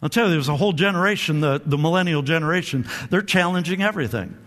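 A man preaching in a high, bright voice, and his words ring out through a big reverberant church hall. He keeps the congregation answering back, pushes on with energy and stumbles over repeated words as he goes. He is a pastor in the middle of a lively sermon. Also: fast. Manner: repeats words and restarts often. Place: church sanctuary.

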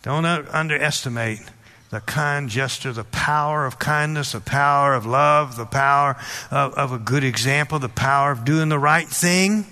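A man's voice: mid-range voice, normal speed, pushed and bright. A man preaching a sermon, telling a personal story with frequent restarts and emphatic calls to listen. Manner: storytelling, repeats words, emphatic asides.

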